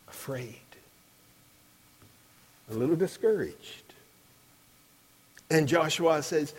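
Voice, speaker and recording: A man's voice: on the high side, very animated, a little slow, pauses often, breathy edge. Emphatic preaching man in a reverberant hall. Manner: emphatic, rising to loud declarations on quoted verses. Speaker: pastor. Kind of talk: sermon. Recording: long reverb of a large hall.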